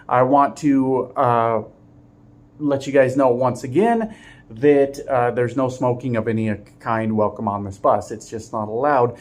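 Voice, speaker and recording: A man's voice: medium pitch, unhurried, lightly acted. A man voicing a stern middle-aged male bus driver who makes blustering, threatening announcements.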